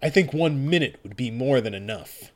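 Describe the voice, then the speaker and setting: A man voicing a huge, cold robot sergeant in a flat, robotic monotone, low and quiet. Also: moderate pace, close to an everyday voice. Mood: menacing.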